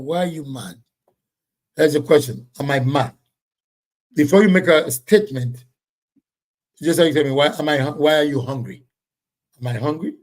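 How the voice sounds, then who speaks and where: Brief: male livestream host, loud and blunt, voice sits a bit high. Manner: loud, blunt, repetitive scolding of commenters. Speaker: livestream host reading viewer comments. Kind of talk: casual livestream chat.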